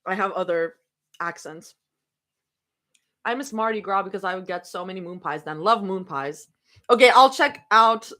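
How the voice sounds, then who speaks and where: A woman's voice: medium pitch, moderate pace, pauses often, a bit bright. A young woman streaming from home, chatting casually and rambling between snacks during a live reading. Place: home room.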